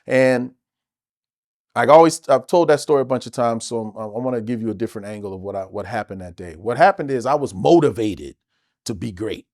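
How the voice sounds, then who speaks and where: A man from the United States, an actor guest telling stories in a casual interview, animated and emphatic, with plenty of swearing. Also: mid-range voice, fairly quick, no echo, clean studio sound.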